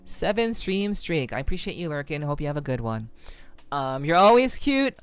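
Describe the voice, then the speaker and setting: Relaxed, smooth-voiced woman streamer. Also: low-pitched, moderate pace, no room sound, faint music behind. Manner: relaxed, rambling, frequent ums and soft laughs. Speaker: VTuber streamer. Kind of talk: casual livestream chat with viewers.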